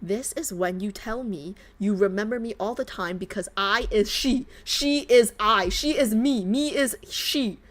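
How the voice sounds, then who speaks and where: A woman's voice: medium pitch, measured pace, hardly any pauses, a bit bright. A young woman streamer reacting to a game, ranting animatedly and exasperated, on a desk mic at home.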